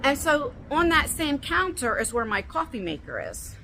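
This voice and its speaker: Walking outdoors, a middle-aged woman vlogs a casual story into a phone on a selfie stick at a moderate pace. Her voice is high and bright, leaping even higher in animated jumps when she quotes herself. A faint hiss of open air sits underneath.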